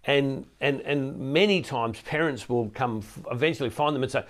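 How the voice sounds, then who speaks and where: An older man delivers a recorded teaching talk from a ministry studio, in the role of a Catholic preacher. He talks in a relaxed, conversational way, often restarting phrases and repeating words. His voice sits at an ordinary middle pitch for a man. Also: brisk, few pauses.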